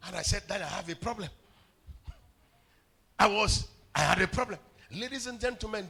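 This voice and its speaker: A male pastor preaching a sermon in church, telling stories, often stammering on words and building up to shouts. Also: high-pitched, sing-song, unhurried, long pauses, breathy edge. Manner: storytelling preacher, rising to shouts, stammered repeats. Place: church hall.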